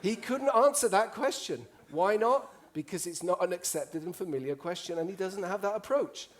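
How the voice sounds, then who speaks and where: A man tells funny stories from a stage with lively, joking energy. He slips into other people's voices as he goes, and his voice sits a little higher than most men's. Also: moderate pace. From Italy. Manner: animated, joking, acts out voices. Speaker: conference speaker. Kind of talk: humorous storytelling talk. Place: stage before a live audience.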